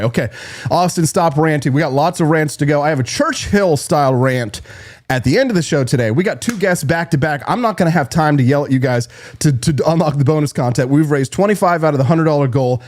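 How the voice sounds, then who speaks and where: A man hosting a political talk show, ranting loudly and mocking his opponents. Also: a little high. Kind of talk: heated political rant.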